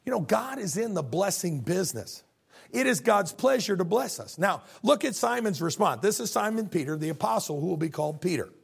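Animated pastor guy preaching, gravelly voice, pitch jumps all over the place. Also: fairly quick. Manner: folksy, animated, jokey asides. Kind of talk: sermon.

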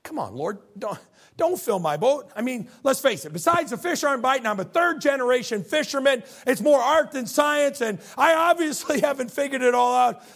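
A man's voice: very high-pitched, expressive, moderate pace, vocal fry, fairly bright tone, pitched above the performer's own voice, exaggerated voice. A man voicing a stubborn, put-upon male fisherman who complains in an exasperated way. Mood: protesting.

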